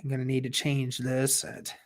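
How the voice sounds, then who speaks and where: A fan host calling a football game play by play on a casual livestream, measured and often restarting sentences. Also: medium pitch, completely flat delivery.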